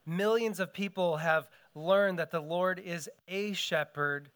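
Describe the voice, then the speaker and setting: A man's voice: high-pitched, a bit bright, clean tone. A middle-aged man preaching a sermon as pastor in an earnest style, his voice rising and falling for emphasis.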